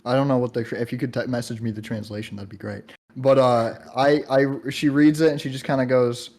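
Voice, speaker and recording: A man's voice: medium pitch, steady tone, a little fast, darkish tone. A man playing a tabletop role-playing game, casually describing his character's actions with fillers. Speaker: player.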